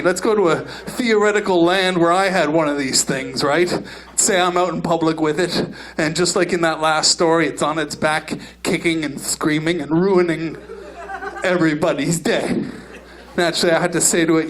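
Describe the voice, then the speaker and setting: A man doing stand-up on a comedy club stage, delivering outrageous lines in a brash, deadpan way. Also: fairly high pitch, moderate pace. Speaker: stand-up comedian and channel host.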